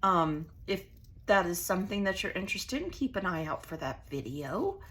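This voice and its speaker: A woman's voice: on the low side, big pitch swings, moderate pace, fairly bright tone. A woman hosting a casual craft tutorial, chatty and bubbly as she works at her home craft table. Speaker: crafting channel host.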